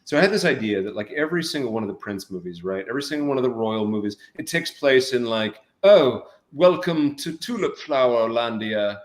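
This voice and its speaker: An actor chatting as an interview guest, rambling with many fillers and restarts. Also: male voice, lowish voice, animated, fast talker, few pauses, roomy sound. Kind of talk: casual interview chat.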